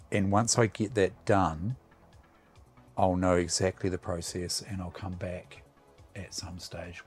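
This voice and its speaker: Man, New Zealand accent, low-pitched, relaxed rambling livestream chat, faint music behind. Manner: easygoing, rambling, chatty. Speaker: livestream host.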